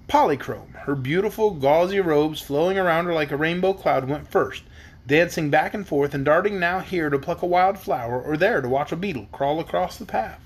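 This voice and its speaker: A man reads a children's storybook aloud at bedtime with a lively, expressive voice. His pitch is high and moves a lot. The tone is husky. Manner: expressive, voicing the characters. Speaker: reader.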